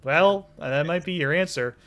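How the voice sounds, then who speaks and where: A man narrating as game master of a tabletop game, relaxed, with many fillers and restarts. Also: a little high, normal speed, muffled recording.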